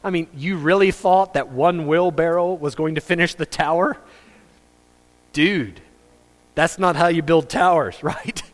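A man's voice: a little high, a little slow. A man preaching a sermon as pastor, conversational and joking, acting out the voices he quotes. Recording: long reverb of a hall.

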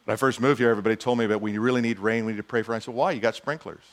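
A man's voice: on the low side, little pitch movement, rapid-fire. A male pastor preaching a sermon in a conversational style, with humorous asides and acted-out quotes.

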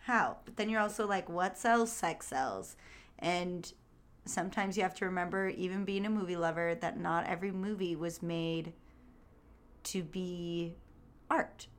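A woman's voice: fairly low pitch, normal speed. A woman co-hosting a podcast, chatting casually about a movie and acting out scenes as she retells them. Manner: animated, re-enacts scenes with put-on quotes. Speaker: podcast co-host. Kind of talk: casual movie review chat.

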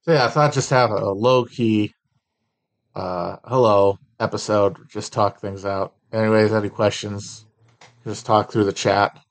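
A man hosting a casual livestream chat, talking slowly with many fillers and restarts. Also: fairly low pitch, fairly even intonation. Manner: sings a song loosely at the start. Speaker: livestream host.

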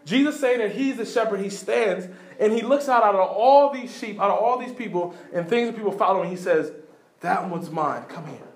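A man with a high voice preaching a sermon. He fires rhetorical questions at the listeners, repeats key words for emphasis, and drops into quiet low asides between loud points. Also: fairly quick, few pauses. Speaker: pastor.

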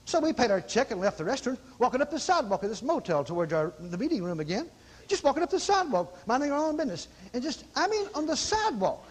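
Folksy male preacher, exclamatory storyteller with a very animated delivery. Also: very high-pitched, fast, slightly rough. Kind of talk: storytelling sermon.

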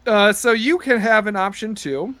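A man narrating and chatting as game master on a tabletop podcast, rambling with many fillers and getting excited. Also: sits high, moderate pace, no echo.

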